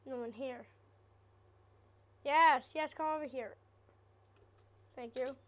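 A woman's voice: high voice, fairly even intonation, takes it slowly. A woman hosting a gaming channel, giving nervous, chatty let's-play commentary on a horror game and talking to her viewers.

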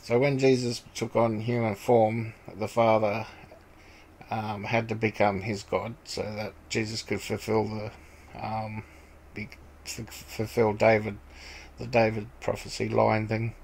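A man giving an informal Bible teaching. He reads scripture aloud, then explains it in a rambling, halting way, with many fillers and restarts. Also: lowish voice, little pitch movement, darkish tone, low-quality recording. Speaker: preacher.

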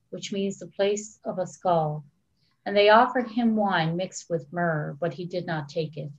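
Low-voiced woman reading scripture solemnly. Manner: measured, deliberate reading. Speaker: church leader reading scripture. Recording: dull lo-fi recording.

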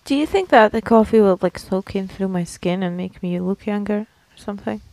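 A woman's voice: medium pitch, a little fast, darkish tone, no room sound, poor audio. Woman trading playful quips on a podcast. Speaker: podcast co-host. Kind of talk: casual chat.

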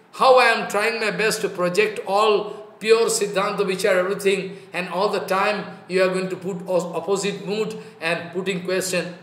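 Impassioned Indian man preaching, bright echoey voice. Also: high voice. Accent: Indian English. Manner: impassioned, repetitive, emphatic. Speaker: spiritual teacher. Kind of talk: devotional sermon. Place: online talk in an echoey room. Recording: echoey room sound.

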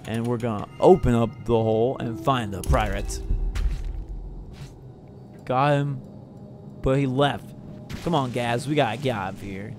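A man playing through a game, narrating playfully and talking to the characters in goofy, rambling lines. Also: mid-range voice.

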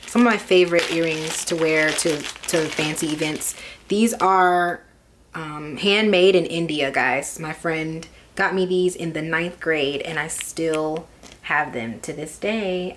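A woman's voice: fairly low pitch, a little hiss or hum. A young woman vlogging casually, rambling and chatty with lots of fillers as she goes through things. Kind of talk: casual chat.

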